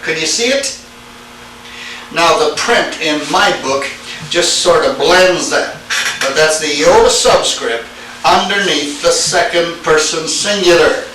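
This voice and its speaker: A man teaching a Greek class, lecturing slowly and quizzing his students as he goes. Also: fairly high pitch, pushed and bright. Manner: slow, deliberate, asks the class questions. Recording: echoey room, speaker far from mic, faint hiss.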